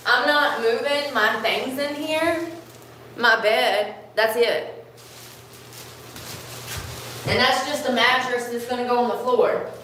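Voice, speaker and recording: A woman chatting casually to her viewers while clearing out a room, rambling, sniffly and a bit out of breath. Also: fairly high pitch, takes it slowly, long pauses, pushed and bright. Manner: rambling, talks to herself and viewers, swears lightly. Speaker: vlogger. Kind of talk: casual livestream chat while tidying. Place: room being cleared for painting, indoors. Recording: roomy echo with faint background noise.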